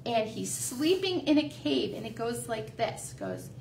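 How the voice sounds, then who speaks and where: A woman leading a library storytime, reading aloud to young children in a gentle, sing-song, encouraging way. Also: on the high side, sing-song, measured pace, gravelly, a little hiss or hum. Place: library room. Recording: echoey room, voice caught from a distance.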